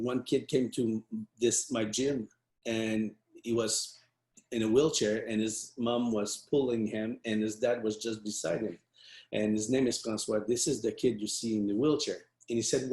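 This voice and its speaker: A man's voice: mid-range voice, warm tone. Man, earnest motivational speaker, storytelling, restarts often, roomy echo. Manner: earnest, many restarts and fillers. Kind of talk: storytelling talk.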